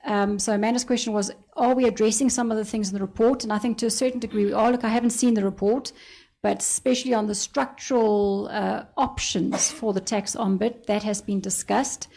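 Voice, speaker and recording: A woman's voice: medium pitch, fairly even intonation, fairly quick, creaky, a little mellow. Woman moderating a panel.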